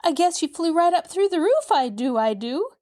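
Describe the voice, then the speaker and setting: Woman reading a flustered country maid, breathless, swooping pitch. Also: very animated, normal speed, warm tone. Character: excited country housemaid, young woman.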